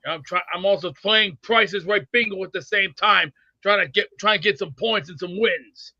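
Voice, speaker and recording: A man's voice: high voice, normal speed, vocal fry, dry recording, full character voice. A man playing a blustery old sports-fan crank. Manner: rambling, blustery, excitable rants. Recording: dull dry lo-fi sound.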